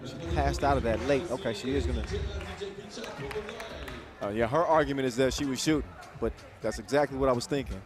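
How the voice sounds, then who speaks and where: A man giving quick, energetic, joking play-by-play commentary at a live basketball event. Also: medium pitch, background noise. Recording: broadcast mix with loud crowd and music.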